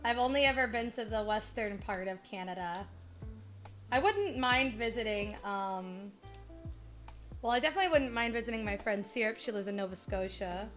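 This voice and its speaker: A woman's voice: mid-range voice, a bit bright. A woman streamer from Chicago with a Midwestern accent, chatting casually and bubbly with viewers while playing at home. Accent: Midwestern American (Chicago). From Chicago, USA. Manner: bubbly, chatty, talks straight to viewers, easily sidetracked. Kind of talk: casual livestream chat while gaming.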